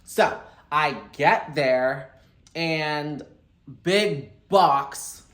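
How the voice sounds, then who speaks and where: A young man chatting through a casual storytime vlog, animated and quick to quote people. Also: a little high, a little hiss or hum. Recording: echoey room.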